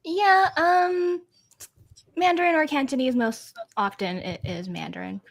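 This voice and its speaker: A woman co-hosting a podcast in casual chat, speaking in an earnest, measured way. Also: sits high, creaky. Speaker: podcast co-host.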